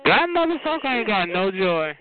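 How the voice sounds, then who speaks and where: A man's voice: high-pitched, very animated, normal speed. A man hosting a casual call-in chat, ranting in a sassy, profane way and calling everyone honey and child. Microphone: phone line. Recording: tinny phone line with crowd chatter.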